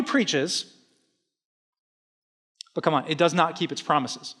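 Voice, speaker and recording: A middle-aged man preaching a sermon, lively, casual and joking with his listeners. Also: fairly high pitch, slow pace, long pauses. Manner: energetic, conversational, humorous. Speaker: pastor.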